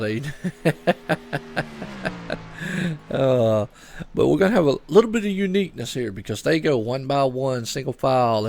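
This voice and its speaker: A man's voice: mid-range voice, vocal fry, a little mellow, slight background noise. A middle-aged man, doing solo live commentary on a sim race and chatting loosely with viewers. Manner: chatty, rambling, talks to chat viewers.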